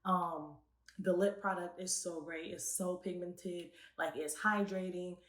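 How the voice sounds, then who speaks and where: Young woman co-host, lively and chatty, lower-pitched, echoey room. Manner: chatty, animated, quick to laugh. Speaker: co-host and beauty segment presenter. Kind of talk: casual review chat.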